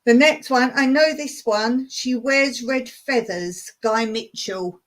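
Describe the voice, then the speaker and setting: A woman's voice: fairly high pitch, takes it slowly. A woman from England hosting a casual live stream, chatting and giggling as she reads out viewer comments. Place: home in rural Cyprus.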